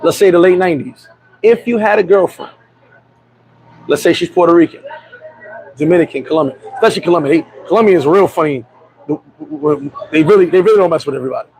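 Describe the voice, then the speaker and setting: A man's voice: fairly high pitch, fast talker, darkish tone, slight background noise, low-quality recording. A man hosting a casual livestream chat, telling blunt, profane stories. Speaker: livestream host.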